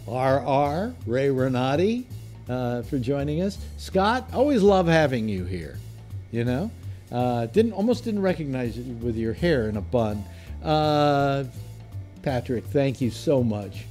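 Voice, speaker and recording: A man's voice: mid-range voice, big pitch swings, slow pace, mellow. Older male host, loose rambling chat, frequent restarts, music bed faintly under him. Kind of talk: casual panel chat.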